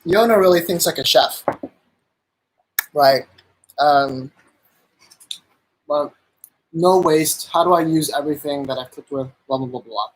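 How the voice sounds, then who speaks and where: A man's voice: a little high, a little slow, pauses often, a little hiss or hum, poor audio. A man casually chatting on a live stream while cooking, rambling with lots of fillers and enthusiastic about the food.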